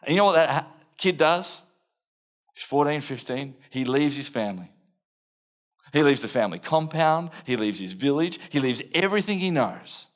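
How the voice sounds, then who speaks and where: An Australian man preaching a dramatised sermon, playing an impulsive, blunt fisherman disciple who tells his story in first person with earnest warmth and self-mocking humour. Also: fairly high pitch, lively intonation, normal speed.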